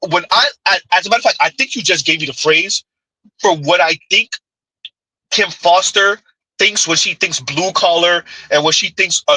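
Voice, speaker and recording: Hosting a live-stream commentary, this man has a fairly high, piercingly bright, husky voice that sits close and dry. He jabs at viewers with blunt rhetorical questions and mocking "huh?" remarks, and the recording is dry and rough.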